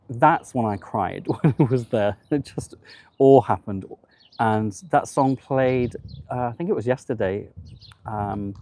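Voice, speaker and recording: Chatty man with a warm voice. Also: medium pitch. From United Kingdom. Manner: chatty and gushing, reads viewer comments aloud, frequent ums. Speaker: travel vlogger hosting a live stream. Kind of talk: casual live-stream chat. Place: outdoors on a seaside promenade.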